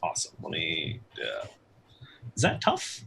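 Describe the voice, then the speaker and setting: A man's voice: extremely low pitch, huge pitch swings, a little slow, vocal fry, sharp tone, a little hiss or hum, poor audio. A man playing a tabletop role-playing game, asking easygoing questions about the rules. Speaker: player.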